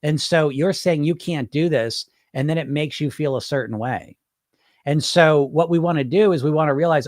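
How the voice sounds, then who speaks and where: A man's voice: fairly high pitch, moderate pace, no room sound, clean studio sound. A man hosting a weight loss podcast, coaching listeners in a casual, earnest and emphatic way and repeating phrases for stress. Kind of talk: casual coaching talk answering a listener question.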